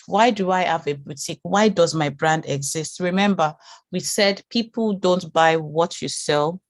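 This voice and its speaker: A woman's voice: lowish voice, dry recording. A woman teaching a live branding class, asking the group questions, repeating key points and encouraging them. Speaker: branding course instructor.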